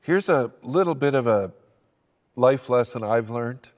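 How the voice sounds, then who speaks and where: A man's voice: mid-range voice, expressive, measured pace, darkish tone. An older man preaching an earnest sermon as pastor, building his emphasis as he speaks. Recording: long hall reverb.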